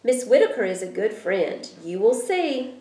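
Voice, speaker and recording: Lady doing a calm wise guy in a storybook, slow gentle measured talk, roomy echo. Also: mid-range voice, natural voice. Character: calm, wise male friend and teacher.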